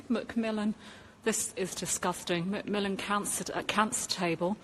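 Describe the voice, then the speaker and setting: Holding her phone as she walks through empty hospital corridors, a woman rants indignantly, urging viewers to look. Her medium-pitched, fairly bright voice keeps a steady tone at a normal pace, with slight background noise.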